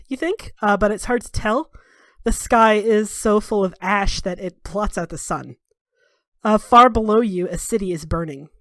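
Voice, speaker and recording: A woman game master narrates a tabletop game in a casual, conversational way, dropping fillers as she goes. Her voice sits at a middle pitch. The recording is dry and close. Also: a bit bright, dry recording.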